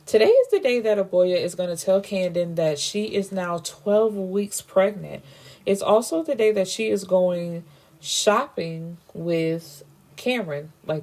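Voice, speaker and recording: A book reviewer with a fairly low, darkish voice casually recaps a novel's plot. She acts out the characters' lines and peppers her talk with "you know."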